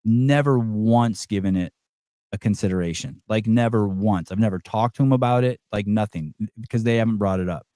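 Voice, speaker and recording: A man's voice: lowish voice, a little fast, mellow, no room sound. A middle-aged man chats on a podcast in a rambling, unfiltered way. He restarts sentences often and drops in swear words. The sound is dry and close. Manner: rambling, many restarts and fillers, blunt and profane. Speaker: podcast host. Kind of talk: casual chat.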